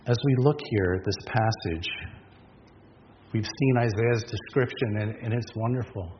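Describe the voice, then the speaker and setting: A man's voice: lowish voice, unhurried. A man preaching a sermon, earnest and emphatic, asking the congregation rhetorical questions. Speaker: pastor. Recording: dull lo-fi sound with long reverb and faint noise.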